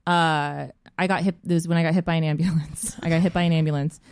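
A woman's voice: low-pitched, quick pace, clean tone, no room sound, clean studio sound. A young woman hosting a casual chat, telling a funny story with lots of laughter and acted-out quotes. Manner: animated, laughing storyteller who acts out quotes.

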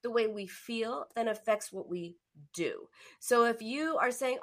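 A woman's voice: on the high side, measured pace. A woman coaching a caller. She interrupts firmly and acts out what she means. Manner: firm, interrupting, demonstrative. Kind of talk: live coaching session.

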